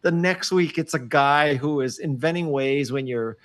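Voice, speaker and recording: An older man appears as a guest in a casual video-call interview, wry and self-deprecating and often emphatic. He speaks at normal speed in a slightly high, somewhat bright voice.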